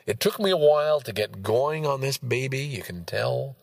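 A man's voice: medium pitch, animated, normal speed, vocal fry, hardly any pauses, breathy edge, no room sound. A man hosting a solo podcast, rambling bluntly and swearing freely as he drifts from topic to topic. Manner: profane, blunt, digressive. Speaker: podcast host.

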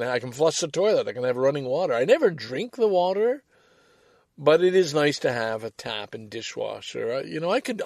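Older Canadian man, podcast host: gravelly voice, lively swings in pitch, candid and self-mocking, swears a lot. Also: no echo. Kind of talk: rambling personal monologue.

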